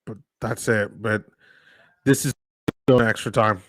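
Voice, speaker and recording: A man giving live play-by-play commentary as a fan on a watch-along stream, sighing in disbelief and getting loud when his team scores. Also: lowish voice, a little slow, no room sound. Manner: excitable fan, swings from sighing disbelief to shouting.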